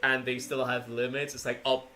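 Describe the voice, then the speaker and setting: Laughing stream host, bright voice. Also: medium pitch, level tone, fairly quick, slight background noise. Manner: laughing, loose and informal. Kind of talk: casual interview chat.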